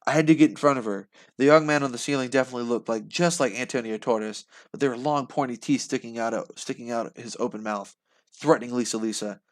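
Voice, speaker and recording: A man reading a novel aloud live for the first time, expressive, with slips and restarts. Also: medium pitch, fast. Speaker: channel host reading aloud.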